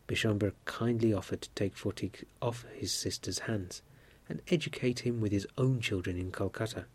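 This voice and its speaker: Husky low-voiced man reading a story. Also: no echo. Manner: steady, measured reading with lively lifts for quoted cries. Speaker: narrator.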